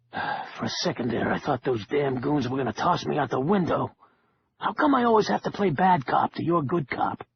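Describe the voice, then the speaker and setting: A man voicing a nervous male con man who grumbles in a low, hushed way. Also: expressive, moderate pace, gravelly, lo-fi sound, a little hiss or hum. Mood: grumbling. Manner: grumbling, jittery. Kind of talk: audiobook character voice.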